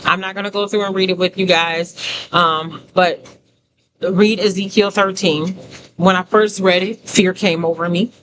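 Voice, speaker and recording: A woman's voice: lowish voice, fairly even intonation, moderate pace. A woman giving a conversational testimony sermon as a prophetic teacher, emphatic, repeating phrases and talking straight to her listeners. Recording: noisy background hiss.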